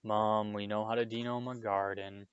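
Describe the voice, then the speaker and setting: A man's voice: fairly low pitch, flat delivery, moderate pace, clear, resonant tone, dry recording, close to an everyday voice. A man reading aloud voices a whining teenage boy, on a dull, lo-fi recording.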